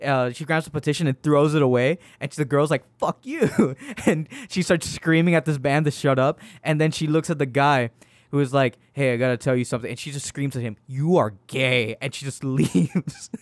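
A man's voice: fairly high pitch, steady tone, fairly quick, dry recording. Profane, rambling young man, dry sound. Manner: rambling, profane, laughs while telling. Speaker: podcast co-host reviewing a movie. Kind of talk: casual chat.

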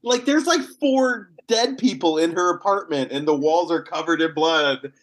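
A man's voice: a little high, normal speed. A man as a guest on a casual movie podcast, laid-back and enthusiastic, often tacking on dude or man.

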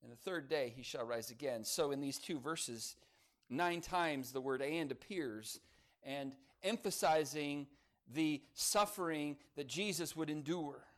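A man preaching a sermon, climbing loud on key phrases and dropping soft for emphasis, slowing down to stress words. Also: on the high side. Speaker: pastor.

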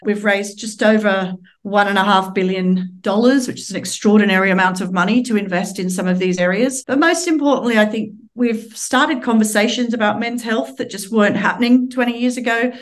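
A woman's voice: medium pitch, fairly quick, few pauses. Aussie woman answering interview questions, earnest, lots of restarts. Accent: Australian. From Australia. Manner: earnest, explanatory, with frequent fillers and restarts. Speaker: charity representative.

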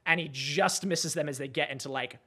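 A man co-hosting a podcast, excitedly retelling a film's plot and acting out the characters' lines. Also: fairly high pitch, brisk, husky. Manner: animated plot retelling, acts out quotes. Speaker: podcast co-host. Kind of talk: casual film discussion.

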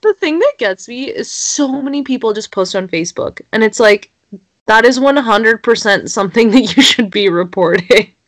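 A woman's voice: a little high, lively intonation, moderate pace, a bit bright, dry recording. A young woman, co-hosting a casual chat and reading social media posts aloud. She giggles and swears freely.

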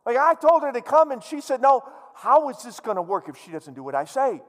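A man's voice: very high-pitched, big pitch swings, fairly quick, big-room sound, voice pushed up. A man playing a boastful, pushy ancient king who barks demands in a blustering way.

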